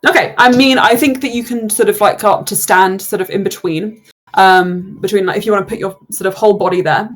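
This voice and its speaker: A woman's voice: mid-range voice, brisk. A woman narrating as game master of a tabletop role-playing session, casual and laughing often between lines.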